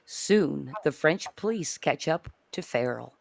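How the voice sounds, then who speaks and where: A man's voice: fairly high pitch, expressive, takes it slowly, gravelly, a little hiss or hum. A man illustrator narrating his comic aloud and chatting with his co-writer.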